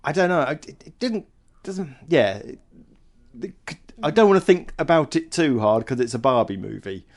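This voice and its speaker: A man's voice: a little high, animated, normal speed. A man co-hosting a film podcast in casual chat, musing aloud, hesitant, often trailing off and restarting. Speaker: podcast co-host.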